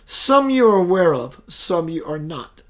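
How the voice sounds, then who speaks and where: A man voicing a calm, wise male alien guide, who speaks in slow, measured instructions. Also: high-pitched. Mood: calm, guiding.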